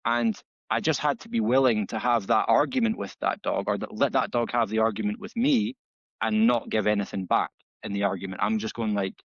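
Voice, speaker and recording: A man, a dog trainer guest on a podcast, telling stories in a casual, animated way and acting out the dialogue with many restarts. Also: on the low side, fairly quick, no echo. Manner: animated storytelling, acts out dialogue with frequent restarts. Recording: slightly dull, dry audio.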